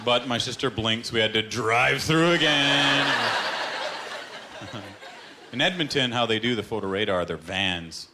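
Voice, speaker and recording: A man doing stand-up, his voice sitting at an ordinary middle pitch as he builds each story toward the punchline. He puts on quick voices for the people he quotes. Loud audience laughter rolls in between the lines. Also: background noise. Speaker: stand-up comedian. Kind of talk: stand-up comedy set. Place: comedy club stage with live audience. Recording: live stage recording with loud audience laughter. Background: audience laughter and clapping.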